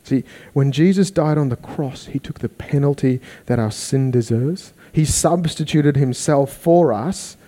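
Aussie guy preaching a sermon, warm low tone, acts out little voices. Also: measured pace, hardly any pauses. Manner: animated, acts out quoted voices.

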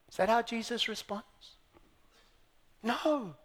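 A man preaching a sermon in a slow, deliberate rhythm. His delivery is dramatic and his pitch swings widely, rising to bold exclamations and then dropping to near whispers. His voice rings out with a long hall reverb. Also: sing-song, fairly bright tone.

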